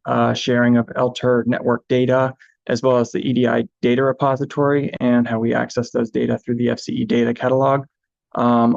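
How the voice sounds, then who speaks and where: Man, gravelly voice, flat delivery, hesitant with fillers, presentation, dull lo-fi sound. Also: medium pitch, dry recording. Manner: hesitant, many ums and uhs. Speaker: information manager. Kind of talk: recorded presentation.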